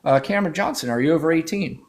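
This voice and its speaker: A brash man hosting a livestream, swearing freely and mocking his callers. His voice sits a little high for a man. He talks in loose, profane bursts. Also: expressive, fast, a little hiss or hum. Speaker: livestream host. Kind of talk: profane political livestream chat.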